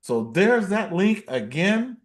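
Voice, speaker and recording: Man hosting a livestream, high bouncy voice, joking with the chat. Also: very animated, slow pace. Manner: playful, reads viewer comments aloud. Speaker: livestream host.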